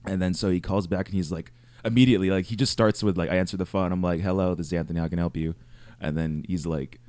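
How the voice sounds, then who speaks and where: A man's voice: low voice, fairly even intonation, quick pace, a little mellow, no echo. A young man co-hosting a podcast, telling rambling, profane stories in casual chat. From California. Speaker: podcast co-host.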